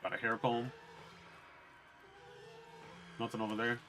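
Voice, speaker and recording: Bright-voiced young man streaming a game. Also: medium pitch, steady tone, very fast. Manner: blunt, profane, chatting with viewers. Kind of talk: casual gameplay commentary.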